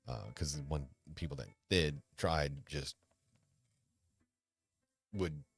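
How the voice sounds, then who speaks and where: A man hosting a casual livestream chat, rambling and hesitant, with many restarts, sighs and quiet mumbles. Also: rumbling low, takes it slowly, gravelly, slightly rough. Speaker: livestream host.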